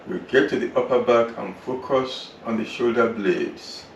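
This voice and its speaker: A man teaching yoga, guiding a slow relaxation through the body and then breathing practice in a soothing, unhurried way. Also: medium pitch. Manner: slow, soothing, drawn-out guidance. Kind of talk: guided relaxation and yoga instruction. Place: yoga class room. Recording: roomy, distant mic with faint noise.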